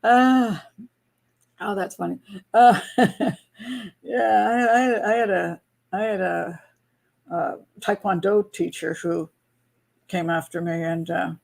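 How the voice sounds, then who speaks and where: A woman's voice: on the low side, steady tone, slow pace, vocal fry, pauses often, darkish tone. An older American woman hosting a live patron hangout, chatting casually, laughing often and rambling through restarts. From United States. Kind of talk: casual live-stream chat.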